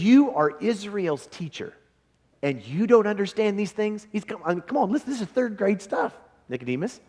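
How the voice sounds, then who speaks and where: A male preacher delivering a revival sermon, his voice sitting a little high and swinging widely in pitch. He talks to the congregation in a casual, animated way, slipping into quick impressions of the people in his story. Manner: animated, conversational, acts out quoted voices. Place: church.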